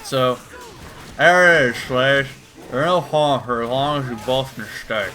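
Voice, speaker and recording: A man's voice: medium pitch, a little slow, bright, forceful tone. A man doing comedic commentary while reading a comic aloud, crude, profane and exasperated. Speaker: YouTuber.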